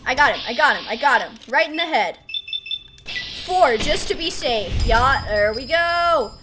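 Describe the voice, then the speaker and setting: A woman streamer giving casual gameplay commentary, excitable and talking to herself, with yelps as she plays. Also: sits high, measured pace, noisy background. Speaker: gaming streamer.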